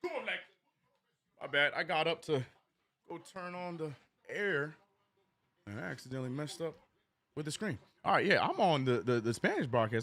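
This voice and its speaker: Animated male sports streamer, lively voice. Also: medium pitch. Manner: animated, joking, reads chat messages aloud; frustrated fan venting and cursing. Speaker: sports watch-along streamer. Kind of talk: live play-by-play watch-along with chat.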